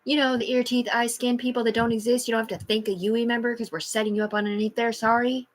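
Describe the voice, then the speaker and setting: A woman's voice: on the high side, flat delivery, fast. A woman talking to her livestream in a rambling, agitated, heavily profane rant.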